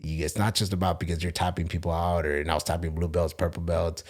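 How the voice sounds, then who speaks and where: A man with a very low voice chats loosely on a podcast. He tells long stories full of swearing and acts out other people's lines. His delivery is animated and relaxed. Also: fast. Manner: profane, animated storytelling with acted quotes. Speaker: podcast host, Marine veteran. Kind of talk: casual podcast chat.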